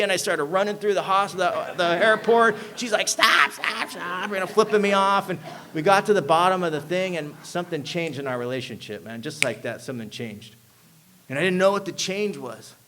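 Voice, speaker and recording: Animated man telling a recovery story. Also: high-pitched. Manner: animated storyteller who acts out dialogue and keeps asking "you know what I mean". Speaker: speaker at a recovery convention. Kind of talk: personal recovery story told to an audience.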